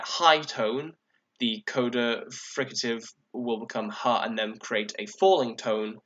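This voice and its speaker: A man's voice: mid-range voice, a bit bright, dull audio. Hesitant man explaining at length. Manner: hesitant, many ums and restarts. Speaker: podcast co-host. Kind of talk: casual explanatory chat.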